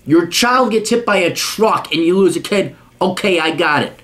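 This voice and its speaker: A man with a slightly high voice reads out a letter from a listener. He keeps cutting in with scornful, swearing rants. His tone is harsh and mocking. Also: expressive, normal speed. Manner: scornful, swearing, shouting bursts. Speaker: podcast host answering a listener letter. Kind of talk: profane rant while reading a letter aloud.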